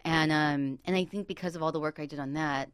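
Casting note: chatty actress guest, slightly low voice, lots of laughter, close dry sound. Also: female voice, fairly quick, clean tone, dry recording. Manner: laughs often, animated storyteller. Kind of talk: casual chat.

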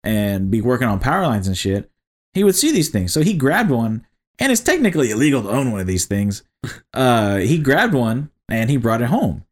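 A man's voice: medium pitch, sing-song, moderate pace. A man co-hosting a podcast, telling rambling stories full of swearing in casual chat. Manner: profane, rambling storyteller. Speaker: podcast co-host.

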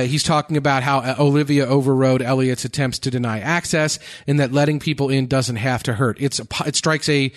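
A man co-hosting a TV discussion podcast who talks his analysis through at a steady, thoughtful pace. He leans on frequent "uh" pauses as he thinks aloud. His voice is recorded dry, with no room sound, and sits at a medium pitch. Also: dry recording. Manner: thoughtful, many filler "uh"s. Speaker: podcast co-host. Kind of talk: casual chat analyzing TV episodes.

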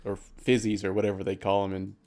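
A man's voice: lowish voice, level tone, quick pace, mellow. Blunt laughing man chatting about movies. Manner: blunt, laughs while telling stories. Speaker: podcast co-host. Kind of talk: casual movie review chat. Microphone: remote call microphone.

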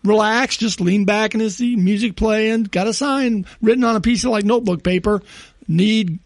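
Gravelly, rambling co-host. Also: male voice, high-pitched, moderate pace, no room sound. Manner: rambling storyteller, trails off with fillers. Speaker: podcast co-host. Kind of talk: casual chat.

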